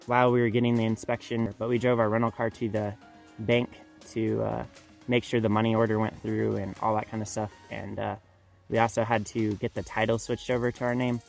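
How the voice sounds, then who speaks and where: Young man co-host with a gravelly voice and hesitant delivery. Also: on the low side, level tone, soft background music. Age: young adult. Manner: halting, many "uh" and "um" fillers. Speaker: vlog co-host. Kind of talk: casual storytelling chat.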